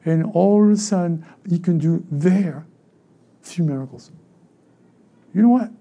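A man with a French accent preaching a sermon as a pastor, animated and acting out other people's voices. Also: high voice, unhurried, vocal fry. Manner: animated, acts out voices of church members.

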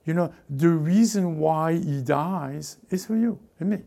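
A male pastor delivers a lively sermon in a mellow, gravelly voice pitched a little high. He acts out the voices he quotes and often restarts his sentences as he preaches. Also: unhurried.

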